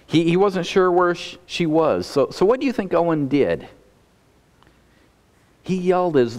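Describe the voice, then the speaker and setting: A man's voice: a little high, expressive, measured pace, long pauses, darkish tone, long reverb tail. A man preaching a sermon as pastor, earnest and often repeating a word as he starts a phrase.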